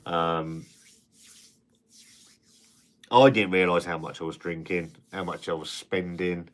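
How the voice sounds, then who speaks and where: A man's voice: sits low, a bit bright, clear, resonant tone. A man hosting a casual live stream, chatting, reading viewer comments, and rambling with frequent restarts and the odd swear word.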